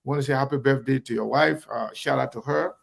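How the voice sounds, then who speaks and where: A man's voice: mid-range voice, brisk, vocal fry. A man hosting an online talk show, greeting viewers by name and speaking emphatically and directly to his audience. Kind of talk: live show shout-outs and commentary.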